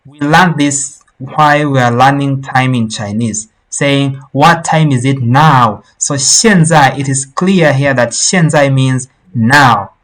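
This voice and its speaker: Teacher voice, unhurried, mid-pitched, repeats each word for learners to copy. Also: a bit bright, rough recording. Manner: explains slowly, repeats words for learners. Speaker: Mandarin teacher. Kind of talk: online language lesson.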